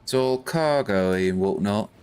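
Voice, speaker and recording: Deep-voiced laid-back male gamer. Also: animated, a little slow, darkish tone, smooth. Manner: laid-back, muses aloud over game stats. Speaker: gamer co-player. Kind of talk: casual gaming banter.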